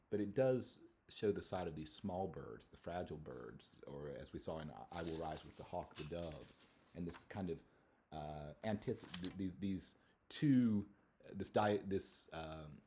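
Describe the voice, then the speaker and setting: A male university lecturer giving a thoughtful academic talk on poetry, often pausing and restarting his phrases. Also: low-pitched, dark tone. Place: lecture hall.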